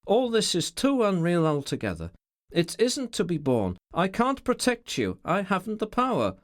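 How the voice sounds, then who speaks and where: A man reading an audiobook, voicing a troubled, formal middle-aged gentleman in a raised, strained voice. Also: fairly high pitch, sing-song, normal speed.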